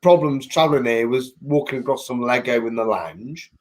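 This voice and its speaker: A man's voice: mid-range voice, normal speed, a little mellow. A man, a comedian, chatting on a video call in a tired, weary, wry way. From England. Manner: weary, wry, laid-back chat. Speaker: stand-up comedian.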